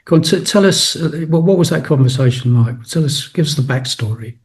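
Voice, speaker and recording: A man's voice: fairly high pitch, animated, brisk. A man hosting an interview, asking his guest encouraging, prompting questions. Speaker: interviewer, host. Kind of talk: conversational interview.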